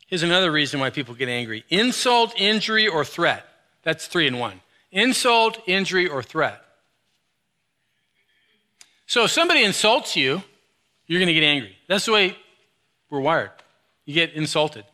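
A middle-aged man preaching a sermon, moving between quiet low stretches and loud, high, animated bursts. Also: normal speed, long pauses. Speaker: pastor.

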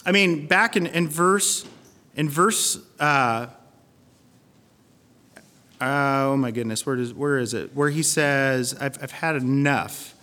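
A man's voice: medium pitch, slow, pauses often, pushed and bright, in a large hall. A man preaching a sermon in an earnest, conversational way. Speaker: pastor.

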